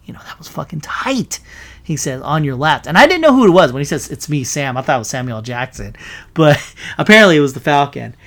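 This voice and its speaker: A man giving a breathless, casual recap of a film's climax. He swears freely, rambles, and keeps stopping to correct names and restart sentences. His excitement carries the whole story. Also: on the high side, fast. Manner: frequent self-corrections and fillers. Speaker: vlogger.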